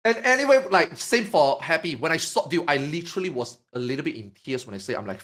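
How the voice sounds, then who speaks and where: A man from Singapore in casual podcast chat, telling stories in an animated, profane, emphatic way. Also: fairly high pitch, fast, few pauses.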